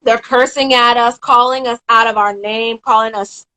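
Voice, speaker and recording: High, bright-voiced young woman telling a story. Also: moderate pace, poor audio. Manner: animated, acts out the voices of people in her story. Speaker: interview guest. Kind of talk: emotional storytelling in a casual live-stream interview. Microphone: phone or video call.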